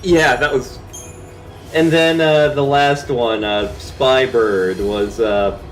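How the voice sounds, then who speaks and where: A man co-hosting a gaming stream, chatting casually and jokily, now and then slipping into quick silly voices. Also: mid-range voice. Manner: animated, jokey, slips into quick silly voices. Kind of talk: casual chat. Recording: game music playing behind.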